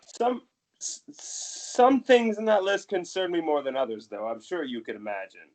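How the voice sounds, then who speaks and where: A man's voice: a little high, moderate pace, darkish tone, lightly acted. A man voicing a suspicious male city guard who questions a suspect in a probing, coaxing way and calls him sir.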